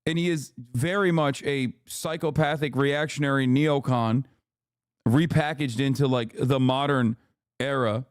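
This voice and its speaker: A male streamer rants on a live stream in an animated, sarcastic, profane way. His voice is smooth and resonant, and the sound is close and dry. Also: medium pitch, a little slow, no echo.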